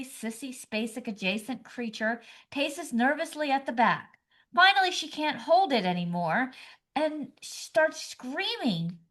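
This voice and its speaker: A woman's voice: fairly high pitch, fairly bright tone. A woman co-hosting a comedy podcast, sarcastic and acting out screaming parents in her jokes. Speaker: podcast co-host.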